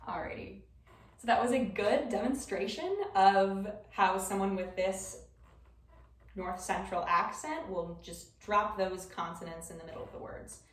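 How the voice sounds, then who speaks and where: Presenting to her class, a young student from Wisconsin keeps things informal and chatty, saying "um" often. She speaks at a medium pitch, a little slowly. The sound comes from a distance in a roomy classroom.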